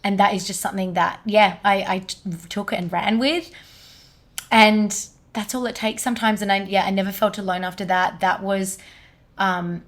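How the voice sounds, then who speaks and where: A woman talking as a guest on a conversational podcast. She tells stories with animated energy and many casual fillers. Her pitch sits mid-range for a woman. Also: moderate pace.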